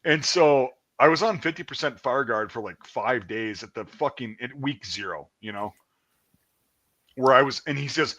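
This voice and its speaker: A man's voice: medium pitch, moderate pace, lo-fi sound. A man hosting a podcast, telling a story in a casual, profane way and acting out the people he quotes. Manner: profane, animated, acts out quotes. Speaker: podcast host.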